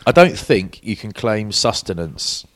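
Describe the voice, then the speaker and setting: Deep-voiced man in his forties. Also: sing-song, unhurried, no echo. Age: 40s. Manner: chatty storyteller, acts out quoted voices. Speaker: podcast co-host. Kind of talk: casual chat.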